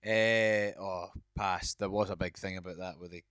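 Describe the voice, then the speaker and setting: A man's voice: deep voice, steady tone, normal speed, a bit bright, clear, resonant tone, no echo, studio quality. A man co-hosting a podcast in casual chat, adding sardonic, opinionated asides. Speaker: podcast co-host.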